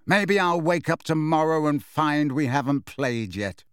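A man's voice: on the high side, animated, measured pace, clean tone, no echo, studio quality, pitched above the performer's own voice. A man reading aloud, voicing a dismayed teenage girl who captains her team, in a hollow voice. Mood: weary.

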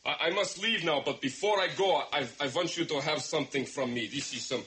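A man's voice: on the high side, brisk, a crowd in the background, natural voice. A man playing a cheerful male Russian immigrant with a Russian accent and broken English.

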